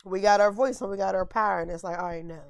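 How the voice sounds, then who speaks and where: A woman's voice: medium pitch, fast, gravelly, no echo. A young woman co-hosting a podcast, chatting casually in slang, laughing often as she talks. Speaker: podcast co-host. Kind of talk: casual chat.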